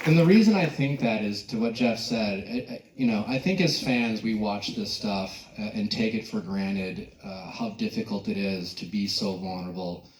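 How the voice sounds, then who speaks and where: A man's voice: lowish voice, normal speed, few pauses, crowd noise. A man moderating a panel discussion, enthusiastic about the show as he asks his questions. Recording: echoey hall with faint noise.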